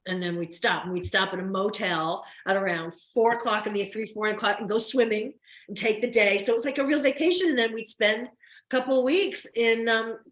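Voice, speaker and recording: Chatty New Jersey woman, fast storyteller. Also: fairly high pitch, fairly bright tone, roomy sound, rough recording. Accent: New York–New Jersey. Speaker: guest, soap opera actress. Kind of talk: casual interview chat.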